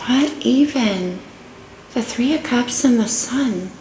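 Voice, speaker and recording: A woman's voice: on the high side, animated, takes it slowly. A woman giving a casual tarot reading, chatting through each card she draws. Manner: chatty, warm-hearted commentary on cards. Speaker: tarot reader. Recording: echoey room, faint noise.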